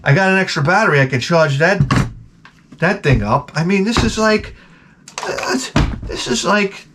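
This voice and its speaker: Middle-aged man, casual vlogger, profane and animated ranter, slightly high voice. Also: unhurried, long pauses, background noise. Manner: profane, animated, ranting with put-on exasperated quotes. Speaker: vlogger showing garage sale finds. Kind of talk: casual storytelling vlog.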